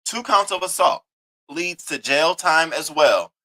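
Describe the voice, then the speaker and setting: A male host giving casual commentary, blunt and indignant and never shy of swearing. His voice sits a little high, with a bright, forceful edge. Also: animated, unhurried, low-quality recording. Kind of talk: casual commentary reacting to a video.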